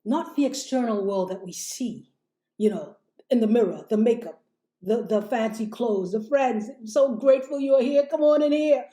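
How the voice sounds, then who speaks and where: A woman's voice: on the high side, normal speed, dark tone. A woman life coach giving a fiery, preachy motivational livestream talk, calling her listeners "my loves" and "honey," her voice a little strained. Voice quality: slightly strained voice. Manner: chants and sings short refrains. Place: home setup, streaming live. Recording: roomy echo.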